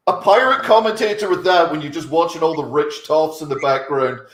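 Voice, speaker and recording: Animated man in an echoey room. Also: fairly high pitch, a little fast. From Scotland. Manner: animated, swears, laughs often. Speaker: comedy panelist. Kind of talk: casual comedy chat. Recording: roomy echo.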